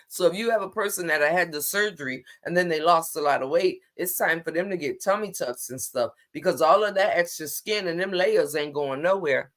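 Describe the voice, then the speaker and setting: A woman hosting a relaxed livestream chat, reacting to viewer comments as she goes. She talks in a sassy, emphatic, down-to-earth way and draws out her exclamations. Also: on the low side. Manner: colloquial, drawn-out exclamations.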